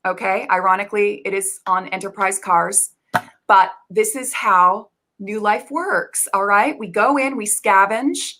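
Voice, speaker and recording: A woman's voice: medium pitch, a little slow, bright, forceful tone, low-quality recording. A woman playing a bossy, pompous female biotech executive who talks down to her employee in an improvised comedy scene. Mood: haughty. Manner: pompous, condescending, corporate jargon.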